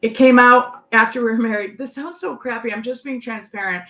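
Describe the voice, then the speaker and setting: A woman in her thirties talks on a video call in a quick, animated run of stories, laughing as she goes. Her voice is bright and forceful, sitting a little high. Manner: chatty, laughs often, quick animated storytelling. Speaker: guest medium. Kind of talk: casual chat.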